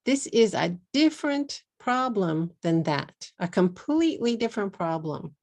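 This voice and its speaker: A middle-aged woman with a Texas accent teaching English pronunciation, repeating words slowly and clearly for learners. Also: mid-range voice, very animated, darkish tone. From Texas, USA. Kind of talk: pronunciation lesson.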